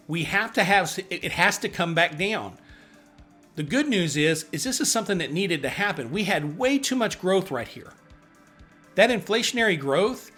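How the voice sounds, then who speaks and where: A man working as a real estate agent, explaining housing market charts in a casual, chatty way, with sudden excited bursts and self-mocking asides. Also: on the high side.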